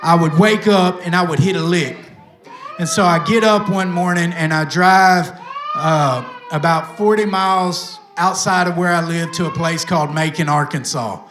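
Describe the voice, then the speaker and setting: A man, a recovery pastor telling his life testimony to a live audience with lively, self-mocking storytelling. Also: a little high, moderate pace, noisy background. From Tennessee, USA. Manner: lively storytelling with self-mocking humor, addresses the crowd directly. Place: event stage with live audience. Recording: echoey room sound.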